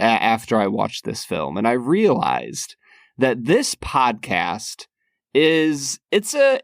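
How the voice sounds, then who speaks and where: Guy co-hosting a podcast, bouncy pitch, teasing and wry, dry close sound. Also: no echo. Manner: wry, teasing, laughs often. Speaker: podcast co-host. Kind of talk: casual chat.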